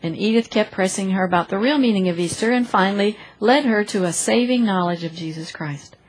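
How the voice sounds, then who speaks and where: A woman's voice: mid-range voice, fairly quick, slightly rough, poor audio. A woman reading a story aloud in a church service, expressively acting out the characters' lines.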